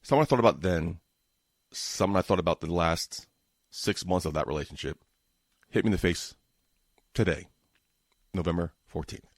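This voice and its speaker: A man in his forties with a New York accent, hosting a casual solo podcast, talking fast and prone to mumbling and exasperated rants. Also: low-pitched, dry recording, clean studio sound. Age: 40s. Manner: fast-talking, tends to mumble and trip over words; exasperated ranting. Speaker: podcast host. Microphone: home podcast microphone setup.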